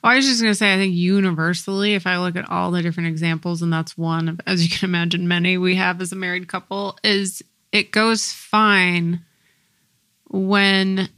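A woman's voice: on the low side, little pitch movement, moderate pace, bright, forceful tone, clean tone, no room sound. A woman talking candidly and casually with her husband. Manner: candid, laughs easily. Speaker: wife in a couple's talk. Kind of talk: casual conversation.

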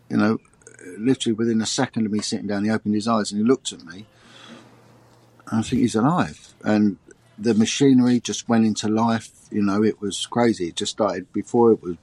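Halting man, low dry voice. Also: darkish tone, dry recording. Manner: halting, repeats words, many fillers. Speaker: former detective, interview guest. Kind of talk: emotional personal testimony.

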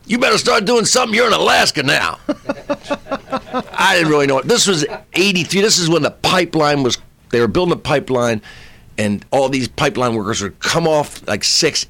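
Fast-talking older comedian spinning a yarn. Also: male voice, mid-range voice. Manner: animated storyteller, acting out voices. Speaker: comedian guest. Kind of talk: telling a comic anecdote.

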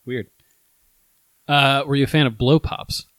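A man's voice: medium pitch, fairly even intonation, a little slow, a bit bright, no room sound. Laid-back man in a dry-sounding candy chat. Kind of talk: casual chat, candy tasting.

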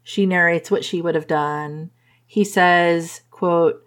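Low-voiced woman recapping a romance plot. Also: fairly even intonation, takes it slowly. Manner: laughs often, playful quoting of characters. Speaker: book reviewer recapping a romance novel. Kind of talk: casual plot summary.

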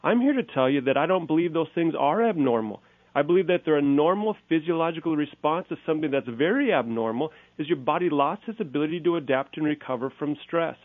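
A man's voice: fairly high pitch, lively intonation, fast, no room sound. A man from Minnesota, a guest expert on a talk show, explaining things in a folksy, emphatic way. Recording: tinny phone-like line.

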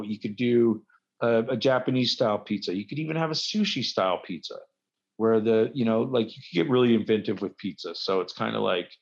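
In a dull, lo-fi recording, an interview guest who wrestles chats loosely and wanders through self-deprecating tales. His voice is on the low side, with vocal fry.

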